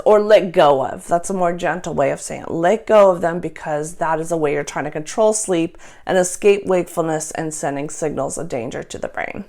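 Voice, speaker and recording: A young adult woman and nurse, calmly teaching a gentle sleep routine in a soft voice, speaking close to a microphone. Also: lowish voice. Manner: calm, soft-spoken, drops to a whisper in breathing exercise.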